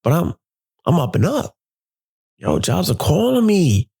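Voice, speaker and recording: A man hosting a podcast, telling a personal story in an animated, profane way and acting out what people said. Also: fairly high pitch, measured pace, creaky, husky. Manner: animated, profane, acts out quotes. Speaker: podcast host.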